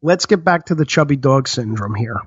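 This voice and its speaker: An easygoing man with a New Jersey accent, chatting and giving advice as a podcast co-host. His voice is mid-pitched, and the sound is dry and somewhat dull. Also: lively intonation, normal speed, breathy edge, dry recording. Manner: easygoing, laughs often, gives advice on dog care. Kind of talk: casual chat.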